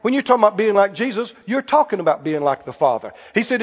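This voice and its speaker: A man's voice: sits high, big pitch swings, fast talker, husky, in a large hall, lo-fi sound. A man preaching a sermon in a church, emphatic and calling out questions for the congregation to answer.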